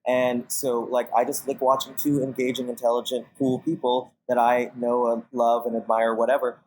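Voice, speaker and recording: A man's voice: medium pitch, little pitch movement, normal speed, darkish tone, poor audio. A man with a mid-range voice chats loosely as a podcast guest. He rambles and restarts, stacks up fillers, and acts out his own reactions with some animation. Faint noise sits under the recording. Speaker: podcast guest, casting director and manager. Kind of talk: casual conversational interview.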